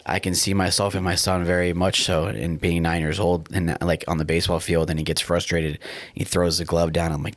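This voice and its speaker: A man hosting a podcast, talking casually in a relaxed, rambling way. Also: low-pitched, fairly quick, no room sound, studio quality. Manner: relaxed, rambling, many restarts. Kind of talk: casual conversational podcast talk.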